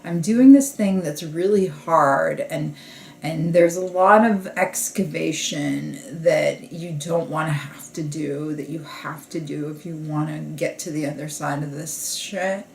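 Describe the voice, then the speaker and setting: A woman's voice: deep voice, a little slow, gravelly, a little hiss or hum. A woman comedian talking in a rambling, casual podcast monologue, full of "like" fillers and restarts. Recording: roomy echo.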